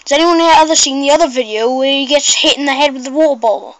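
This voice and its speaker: A woman giving casual, rambling gameplay commentary, excitable and shrieking at mishaps. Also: sits high, quick pace, dry recording, poor audio.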